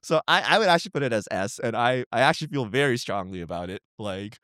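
A man co-hosting a podcast in casual chat, talking fast and opinionated and tagging his points with "right?". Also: mid-range voice, animated, a bit bright, no room sound, studio quality. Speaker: podcast co-host.

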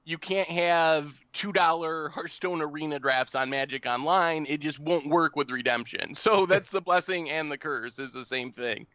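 A man on a casual podcast, thinking aloud and giving measured advice with a dry wit. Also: on the high side, sharp tone, dry recording. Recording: dull, dry lo-fi podcast audio.

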